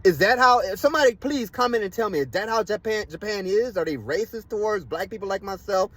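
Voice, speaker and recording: A man's voice: sits high, animated, fairly quick, a bit bright, rough recording. A man in pain, ranting indignantly to camera in a vlog, swearing often and restarting his sentences. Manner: profane, indignant, repeats and restarts himself. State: in pain from a fall. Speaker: vlogger. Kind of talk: angry personal rant to camera.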